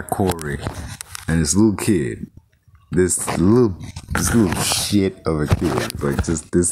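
A man's voice: extremely low pitch, vocal fry, noisy background. A man giving a casual, profane movie review, riffing loosely and slipping into mock voices.

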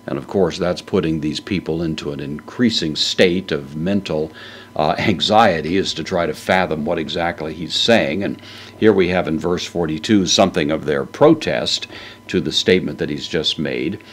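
A man giving a slow, deliberate verse-by-verse Bible lesson, working through the Greek grammar word by word. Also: extremely low pitch, slight background noise. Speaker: Bible teacher.

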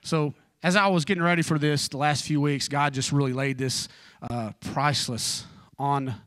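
Earnest preacher with a bright, forceful voice. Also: male voice, steady tone, moderate pace, no echo, clean studio sound. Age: 40s. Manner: informal, personal storytelling with joking asides; fervent prayer, voice dropping low. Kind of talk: evening church sermon. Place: church.

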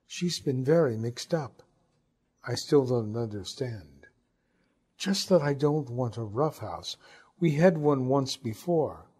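A man's voice: medium pitch, expressive, takes it slowly, darkish tone, husky. A man reading as a worried, cautious woman. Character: anxious, cautious young woman warning a guest.

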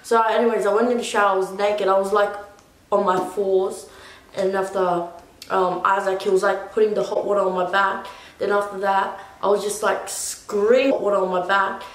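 A woman's voice: mid-range voice, level tone, normal speed. A young woman casually telling a personal story as a vlogger, rambling with lots of "like". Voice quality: rambling, full of "like". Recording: echoey room.

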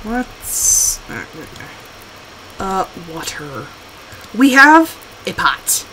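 A woman's voice: mid-range voice, sing-song, drawn-out words, background noise. A woman streaming a survival game live, chatting casually and exclaiming, scolding her game character as she plays. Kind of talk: casual live gameplay commentary.

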